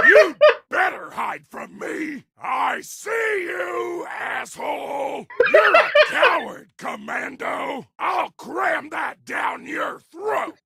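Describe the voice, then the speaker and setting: An actor voicing a hulking, gleefully murderous game monster who bellows short, brutish threats and taunts. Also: male voice, very high-pitched, gravelly, noisy background, full character voice. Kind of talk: game character voice lines.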